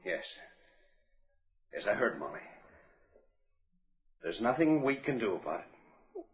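A man's voice: on the low side, big pitch swings, slow. An actor playing a secretive middle-aged father in a 1940s radio drama, guarded and curt. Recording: dull old radio broadcast.

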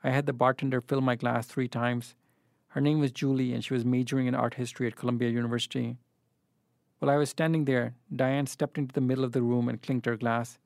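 A man reads literary fiction aloud. His narration is measured and even, at a middle pitch. The recording is dry and close. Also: creaky, dry recording. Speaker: reader.

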